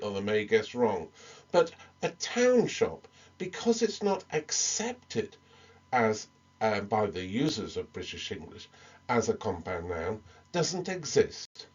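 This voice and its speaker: A man explains grammar in an unhurried, halting way, often pausing with "um" and restarting his phrases. His voice sits a little low and has a husky edge. The recording sounds muffled and lo-fi. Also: a bit bright. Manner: slow, hesitant, many ums and restarts. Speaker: medical English teacher. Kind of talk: recorded English lesson.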